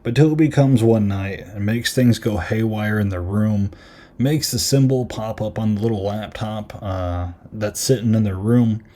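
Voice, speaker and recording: A man's voice: fairly low pitch, a little slow, mellow. A man hosting a podcast, casually recapping a horror film with lots of fillers and retelling lines. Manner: chatty, lots of "like" and "um". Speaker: podcast host. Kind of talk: casual movie review recap.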